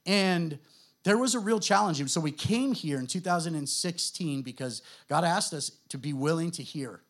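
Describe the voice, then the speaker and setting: A middle-aged man with an American accent, a guest pastor telling his story to a church in a relaxed, conversational way, full of fillers. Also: on the high side, normal speed. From United States. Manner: conversational, self-deprecating, many fillers.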